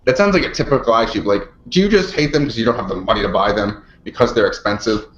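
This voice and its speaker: A man co-hosting a casual chat show, animated and quick to laugh. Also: on the low side, slight background noise. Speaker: co-host. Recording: roomy, dull lo-fi home recording.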